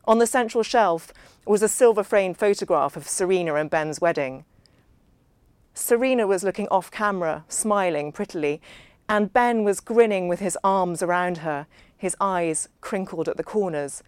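A woman reads a first-person novel in a measured, understated way. Her voice sits on the low side, and the recording is dry and close. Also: smooth, dry recording. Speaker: audiobook narrator.

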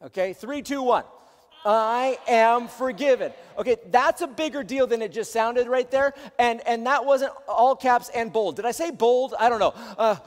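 High-voiced pastor in a reverberant hall. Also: male voice, moderate pace, hardly any pauses. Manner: earnest, rising to loud exhortation with frequent restarts. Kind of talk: sermon to a live-streamed congregation.

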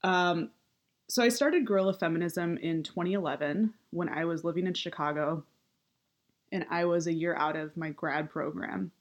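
A woman in her thirties, a writer and activist, talking casually with heavy vocal fry, upward inflection and many fillers. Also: fairly low pitch, moderate pace, dull audio. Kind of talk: casual monologue.

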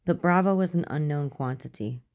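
A woman voicing a brisk female captain with a clipped manner. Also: low voice, darkish tone, close to an everyday voice.

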